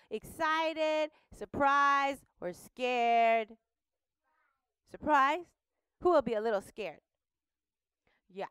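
A woman teaching a Bible lesson to young children, asking questions and having them repeat words slowly. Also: high-pitched, dry recording, studio quality. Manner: animated, slow and questioning, prompts children to repeat. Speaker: Sunday school teacher. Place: studio.

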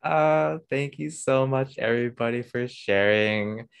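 A man's voice: medium pitch, a little slow, gravelly, clean tone, no room sound. A man hosting a panel webinar, thanking guests and making announcements over a video call mic. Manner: warm, emotional thanks and announcements. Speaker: webinar host.

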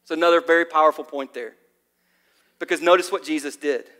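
A man preaching a sermon in a church hall, telling the story in a lively, casual way with plenty of fillers. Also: fairly high pitch, fairly quick. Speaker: pastor.

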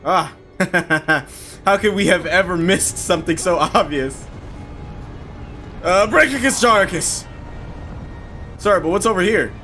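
A man's voice: high-pitched, moderate pace, bright, forceful tone, faint music behind. A young man casually commenting on gameplay, joking and sarcastic toward the characters. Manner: jokey, sarcastic, mocks the game characters. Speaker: gaming channel host.

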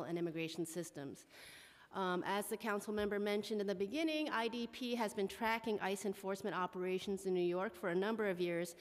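A congested woman with a cold testifies at a council hearing, speaking earnestly into a table mic and leaning on fillers. Her voice sits at an ordinary pitch, and a long hall reverb trails behind it. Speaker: immigrant advocacy director testifying. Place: council committee room. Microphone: table microphone.

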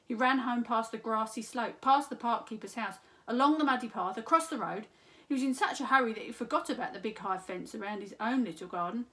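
A woman, a school teacher, reading a children's story aloud in an expressive, unhurried way. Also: mid-range voice.

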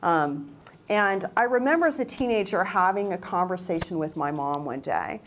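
A woman's voice: animated, normal speed, a little hiss or hum. A middle-aged woman giving a reflective personal talk, telling stories and acting out remembered conversations. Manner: reflective, acts out quoted dialogue with raised pitch. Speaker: university staff speaker.

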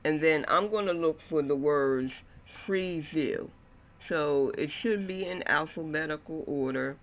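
A man with a fairly high voice teaches a software tutorial at an unhurried crawl. He narrates every click step by step, sprinkling in okays and ums as he goes, sounding like a patient instructor. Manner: slow step-by-step walkthrough with frequent okays and ums. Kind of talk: screen-recorded software tutorial.

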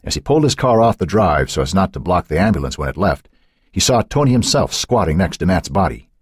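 A man narrating a thriller audiobook in an expressive, suspenseful reading. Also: low voice, fairly quick, husky, dry recording, studio quality.

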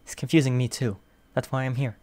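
A man's voice: medium pitch, fairly even intonation, a little fast, darkish tone, close to an everyday voice. Brief: a man playing a timid, jittery teenage boy who stumbles over words, fan fiction audiobook. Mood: hesitant. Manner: nervous, apologetic, stammering. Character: shy anxious teenage boy who stammers.

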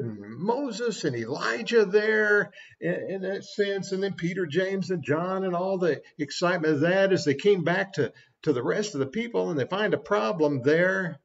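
A man's voice: sits high, lo-fi sound. A man giving a short devotional sermon as a preacher, folksy and conversational with small asides.

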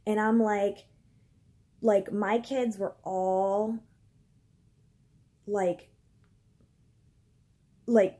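A woman's voice: mid-range voice, lively intonation, very slow, pauses often, mellow. A woman in her thirties telling a personal story in a casual home vlog, chatty, with many fillers, and acting out what people said. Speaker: vlogger. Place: indoors at home.

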